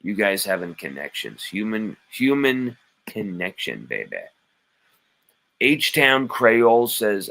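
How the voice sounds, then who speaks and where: A man's voice: lowish voice, very animated, slow, creaky, a bit bright, rough recording. A man hosting a live sports stream, reading chat comments aloud and arguing back with playful mock indignation.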